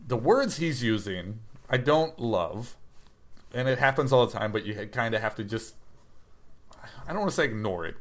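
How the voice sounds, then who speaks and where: A toy reseller rambles through a long, casual story about buying old toys, correcting himself as he goes. His mid-range voice has a fairly bright tone, and he livens up whenever he quotes people.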